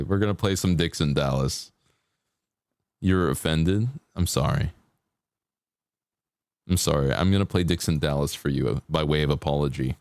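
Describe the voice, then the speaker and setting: A man's voice: low voice, no echo. A man chatting casually with viewers on a live stream while he paints, laid-back and chatty. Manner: laid-back, chatty, sings along to songs in a put-on country twang.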